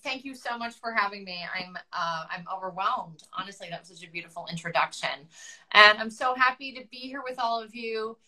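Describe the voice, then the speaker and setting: A middle-aged woman with a bright, forward voice tells her personal story over a video call. She is chatty and open with her feelings, and she often stops and restarts her sentences as she goes. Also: medium pitch, brisk, poor audio. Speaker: guest author.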